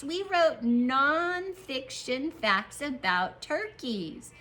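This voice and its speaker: A woman teacher leading a young class through a writing lesson, sounding out letters slowly and praising the children as they work. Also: high voice, sing-song, a bit bright. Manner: slow, drawn-out letter sounds. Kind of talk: early-grade writing lesson.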